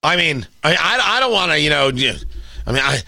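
A man's voice: on the high side, very animated, a little fast, gravelly, bright, forceful tone, no room sound. A man hosting an opinion commentary monologue, sardonic and opinionated, firing off emphatic rhetorical questions. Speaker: commentary show host.

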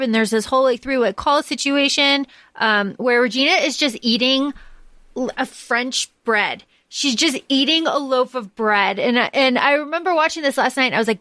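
A woman's voice: high-pitched, normal speed, bright, forceful tone, no room sound. A woman co-hosting a podcast, casually recapping movie scenes and quoting lines in a chatty way. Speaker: podcast co-host. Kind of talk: casual chat about a movie.

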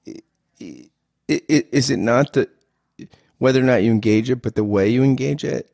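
A man's voice: medium pitch, normal speed, creaky, darkish tone, dry recording. Dry-voiced man interviewing a guest. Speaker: interviewer host. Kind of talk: casual conversational interview.

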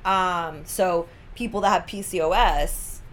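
This thirties-aged woman co-hosts a relaxed wellness product talk, spinning lively anecdotes full of gasps, laughter and acted-out lines. She speaks a little slowly, with a fairly low pitch and a fairly bright tone, over a faint hiss or hum.

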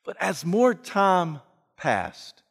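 A male preacher telling a story in a sermon, swinging from hushed, slow lines to loud shouting. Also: sits high, sing-song, gravelly, long reverb tail.

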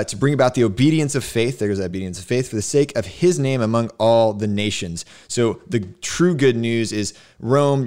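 A man's voice: medium pitch, a little mellow. A man hosting a podcast, explaining scripture in casual chat and often checking in with "right?". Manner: emphatic, keeps asking "right?". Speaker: podcast host teaching scripture.

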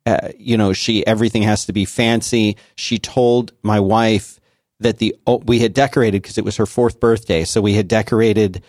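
A man in his thirties chatting casually and telling animated family stories, acting out the voices of his relatives. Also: on the low side, normal speed, no echo, studio quality. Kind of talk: casual chat.

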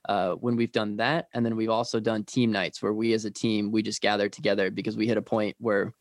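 A man from the leads a ministry team and tells its story in casual conversation. He talks quickly and earnestly, with many fillers. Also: on the low side, little pitch movement, no room sound, clean studio sound.

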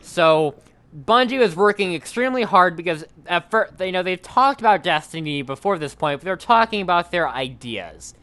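On a casual podcast, a man tells a long story, rambling and often restarting while piling up fillers. His voice is smooth, resonant and somewhat high, expressive and bright with a forceful tone, at a moderate pace.

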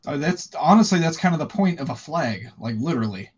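A man's voice: on the high side, lively intonation, brisk, a little mellow, husky. A man on a podcast panel in casual chat, making wry remarks. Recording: dull audio with crowd behind.

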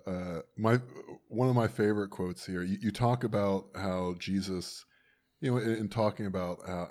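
A man's voice: deep voice, a little mellow. A man hosting an interview in a casual, wry, joking way who laughs often. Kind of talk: casual chat.

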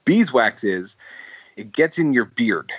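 A man's voice: medium pitch, very animated, slow, breathy edge, no echo, dull audio. A man hosting a casual podcast chat, telling long stories with lots of fillers and restarts. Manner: rambling, full of "like" and restarts, laughs while telling stories. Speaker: podcast host.

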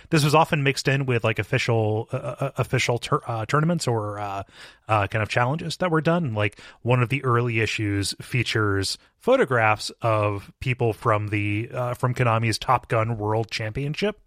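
A man co-hosts a podcast in casual chat, laughing often and restarting his sentences. His voice is medium-pitched and a bit bright at a moderate pace, captured in clean studio sound with no room sound.

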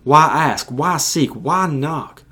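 A man's voice: fairly high pitch, slow, sharp tone, slightly rough. A male preacher who hosts a podcast, giving an earnest sermon and often restarting and repeating himself. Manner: earnest, repetitive, with frequent restarts.

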